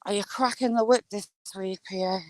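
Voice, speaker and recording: A woman's voice: mid-range voice, steady tone, a little fast, rough recording. Woman, casual walking live-streamer, mid-range voice, friendly patter to viewers. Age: adult with a school-age child. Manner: chatty, greets viewers by name.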